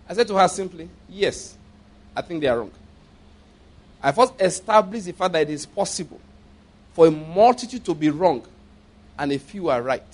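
A man's voice: fairly high pitch, animated, moderate pace, pauses often. A man preaching to a congregation, telling a personal story. He often repeats himself, laughs mid-sentence and asks the listeners rhetorical questions. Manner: repeats phrases, laughs often while speaking. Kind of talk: sermon storytelling.

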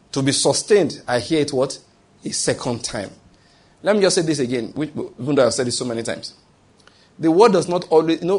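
A man's voice: medium pitch, husky. A man preaching a sermon, asking rhetorical questions and answering them himself with emphatic repetition.

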